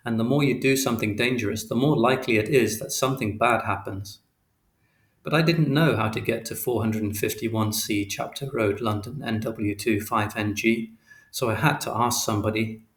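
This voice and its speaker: A man reading an audiobook aloud in a steady, literal, matter-of-fact way. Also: medium pitch. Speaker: audiobook narrator. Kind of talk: scripted narration. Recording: roomy echo.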